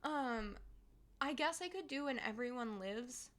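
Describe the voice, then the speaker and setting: A woman's voice: fairly high pitch, lively intonation, measured pace, a bit bright. A young woman streamer chatting casually to her viewers, rambling with lots of fillers and giggles, emotional after finishing a game. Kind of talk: casual live-stream chat.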